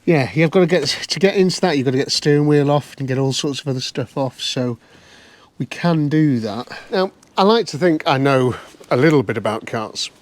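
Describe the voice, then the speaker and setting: Expressive and a little fast, at a medium pitch with no room sound, a man vlogs his inspection of an old car in a cold scrapyard. He talks to the camera in a wry, chatty way and mutters to himself.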